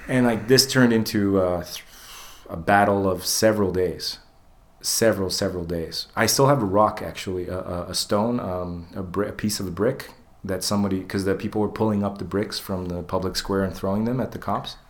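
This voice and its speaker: A man with a low voice co-hosts a casual podcast, telling a story at a brisk clip. He's an animated storyteller who swears freely and acts out the voices of the people he quotes.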